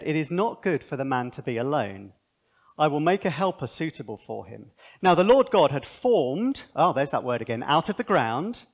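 A man giving a conversational Bible seminar talk, animated and thinking aloud with asides. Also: on the high side. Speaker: seminar speaker.

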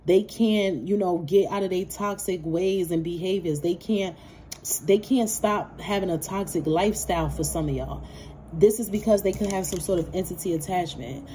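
Some hiss or hum underlies a woman's fairly low voice as she gives viewers a casual tarot reading. She curses, laughs often, stays animated, and calls her audience baby and child.

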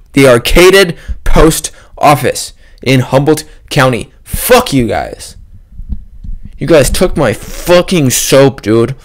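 A young man hosting a solo podcast, rambling and joking with lots of profanity. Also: mid-range voice. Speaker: podcast host. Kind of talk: casual solo podcast rant. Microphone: podcast microphone.

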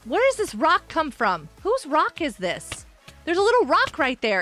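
Very high-pitched, giggly woman streamer. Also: moderate pace, soft background music. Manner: giggly, excitable, chatting to viewers. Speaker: live streamer. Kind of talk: live-stream gameplay commentary.

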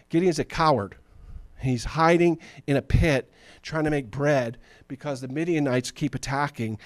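Joking conversational pastor, dry sound. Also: male voice, a little high, no room sound. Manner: conversational and joking, acts out Bible figures. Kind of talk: sermon.

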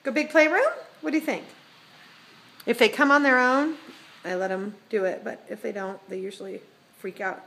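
Woman, cat carer, casual vlog, baby talk to a pet, sing-song, husky. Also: medium pitch, normal speed, long pauses, fairly bright tone.

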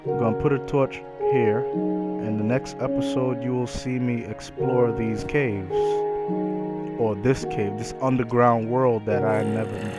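A man hosting his own gaming channel, giving profane, excitable let's-play commentary as he reacts aloud to the game. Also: mid-range voice, unhurried. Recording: loud game music behind.

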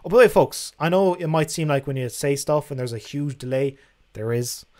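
A man's voice: a little high, brisk, darkish tone. A young man hosting a casual livestream, reading out viewer questions and answering them in a frank, chatty way that includes casual swearing. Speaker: livestream host.

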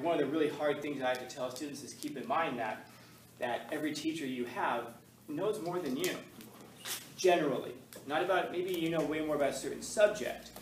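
A middle-aged male high school teacher leading a class discussion and telling a story, animated, laughing, and acting out voices. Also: a little hiss or hum. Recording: echoey classroom from far off, faint ambience.

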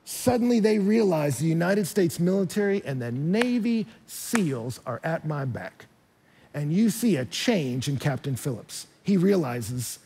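A male pastor preaching a sermon, emphatic and energetic, his voice jumping high and loud on key phrases. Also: measured pace, a little hiss or hum. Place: church hall.

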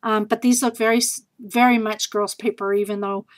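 A woman casually chatting in a home video as she shows off scrapbooking supplies she bought, bubbly and gushing, with lots of fillers and quick asides. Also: mid-range voice, level tone, low-quality recording. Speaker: scrapbooking vlogger showing a craft haul. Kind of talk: casual haul video chat.

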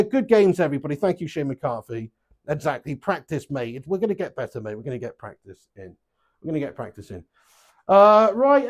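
A young man chatting casually on a live stream, rambling, swearing freely and getting animated. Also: high-pitched.

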